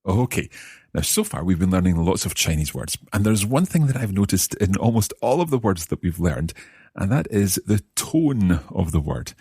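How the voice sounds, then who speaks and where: A deep-voiced man co-hosts a language lesson as the learner. He speaks with lively, swooping intonation and asks curious questions, often repeating phrases after the teacher. His voice is a little husky and sits in a dry, close sound. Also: normal speed, no room sound. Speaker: learner co-host.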